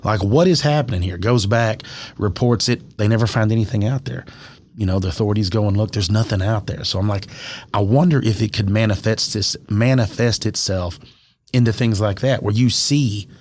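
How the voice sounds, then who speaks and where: A podcast co-host with a fairly low, a little mellow voice tells a strange story in casual chat. His intonation stays fairly even and his pace moderate, though he acts out the quoted lines with animation.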